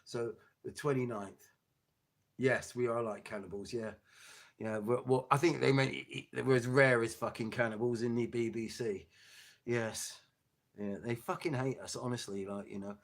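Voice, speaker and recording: A man, a glass maker, delivering an angry, sweary political rant to his viewers with halting restarts. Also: medium pitch, fairly even intonation, vocal fry. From England.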